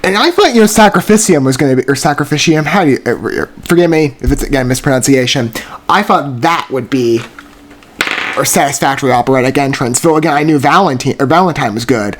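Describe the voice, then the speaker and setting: A man's voice: medium pitch, fast. A man hosting a music reaction channel, reviewing a song in an effusive, rambling way, often correcting himself mid-sentence. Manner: effusive, rambling, self-correcting, frequent gushing exclamations. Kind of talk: casual spoken music review.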